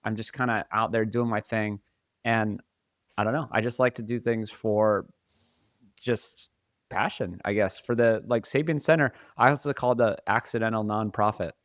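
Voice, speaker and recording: A man's voice: fairly low pitch, steady tone, normal speed, no room sound, studio quality. A man co-hosting a podcast, talking earnestly and laughing easily in casual chat. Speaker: podcast co-host.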